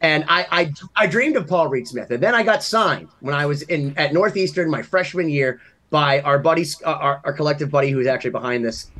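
A podcast co-host from Massachusetts, USA, speaks with a fairly high, fairly bright voice. In casual chat he tells rambling anecdotes that poke fun at himself.

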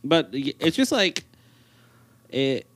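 A rambling man with a twang, chatting loosely on a podcast. His pitch swings up and down a lot as he talks, and he drops casual swears along the way. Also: very animated, slow, a bit bright, no echo. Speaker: podcast co-host. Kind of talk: casual chat.

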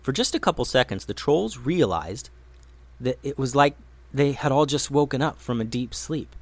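Animated male storyteller, dry close sound. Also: mid-range voice, moderate pace, no echo. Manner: expressive, animated reading. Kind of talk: children's story narration.

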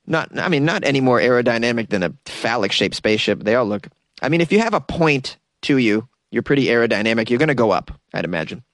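Man, comedy news host; lively, sarcastic riffing, dry close sound. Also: medium pitch, fast, dry recording. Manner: sarcastic, riffing, laughs at own jokes.

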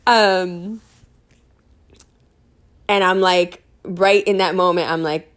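A young woman from New York City telling a story in casual chat, animated and full of laughter, with lots of fillers and swearing. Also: on the low side, slow.

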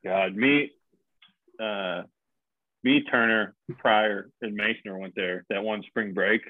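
A man's voice: lowish voice, slow pace. Dry young man on a tinny line. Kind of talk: casual chat.

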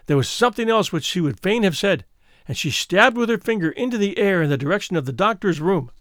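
A man reading the part of a frightened young woman who recounts her twin sister's death, in an earnest, measured storybook telling. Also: high-pitched, expressive, a bit bright, dry recording, clean studio sound. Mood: fearful. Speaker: audiobook reader.

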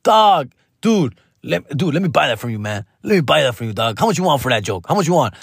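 A man doing a high, excited impression of a gushing male comedian who keeps saying "bro" and "man". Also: fast, gravelly, breathy edge, no room sound, clean studio sound, heavily acted. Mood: hyped. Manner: shouty, hyped, piles on "man", "bro", "dude".

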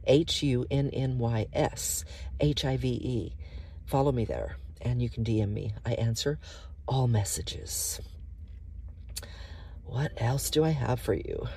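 A woman hosting her own podcast in an intimate, casual monologue, soft and breathy, often slipping into whispers. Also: extremely low pitch. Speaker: podcast host.

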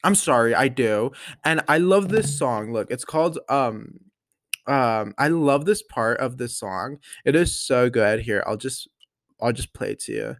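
A nineteen-year-old man hosting his own podcast, chatting casually in a gushing way with lots of fillers and sudden excited jumps in pitch. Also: unhurried, no echo. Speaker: solo podcast host. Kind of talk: casual chat.

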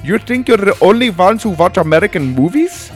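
A man voicing a playful elephant with a put-on Indian accent, loud and high above his usual voice. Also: animated, a little fast, faint music behind.

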